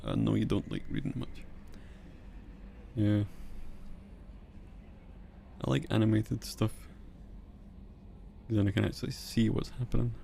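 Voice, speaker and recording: A man with a low, gravelly, mellow voice chats loosely while he plays a game on stream. He rambles, answers his chat and swears now and then. Game music plays faintly behind him. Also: a little slow, long pauses, a little hiss or hum. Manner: rambling and relaxed, with mild swearing and chat replies. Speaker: streamer playing a video game. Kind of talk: casual live-stream chat.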